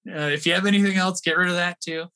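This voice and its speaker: A man in his thirties, a guest musician on a podcast, telling a tour story in a loose, animated way, laughing and acting out the voices of people in it. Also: high voice, fast. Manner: animated, acts out quoted voices, laughs often. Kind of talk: casual storytelling.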